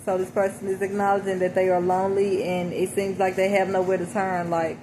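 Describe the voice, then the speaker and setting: Speaking fairly quickly in a level, medium-pitched voice, a woman casually reflects on song lyrics for her listeners. She keeps checking in with "okay?" and sprinkles in "you know" as she reads in this relaxed, spoken style. Noticeable background noise runs under the recording.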